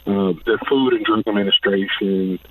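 A man with a fairly low voice answers a radio host's questions as a public health official, pausing often and filling the gaps with ums and "you know". He sounds distant from the mic, like a guest calling in on a phone line, and the sound is dry. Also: steady tone, bright, forceful tone, breathy edge, no echo.

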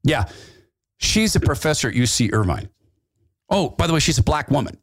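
Sarcastic guy hosting a talk show, lively up and down, dry close sound. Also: fairly high pitch, normal speed, no echo. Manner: animated, sarcastic.

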